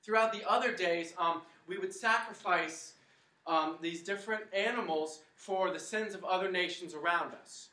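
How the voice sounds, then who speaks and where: A man's voice: high voice, bright, forceful tone. A man preaching a sermon to his congregation, telling the story dramatically and leading them in a chant. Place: church hall. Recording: echoey hall, mic at a distance.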